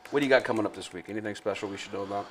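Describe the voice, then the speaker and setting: A man's voice: on the low side, very fast, crowd noise. A man hosting a casual podcast, sarcastic and teasing, swearing freely as he talks. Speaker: podcast host.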